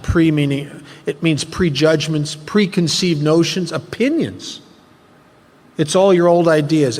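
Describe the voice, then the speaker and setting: A man speaking at a recovery workshop, telling a story earnestly to make a spiritual point. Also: on the high side. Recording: long hall reverb.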